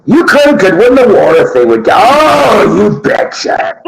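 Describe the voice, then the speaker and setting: A high, lively man's voice drags through a crude comedy rant, bursting into loud laughter. He is recorded in an echoey room with heavy noise behind him. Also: unhurried, gravelly. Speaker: show host.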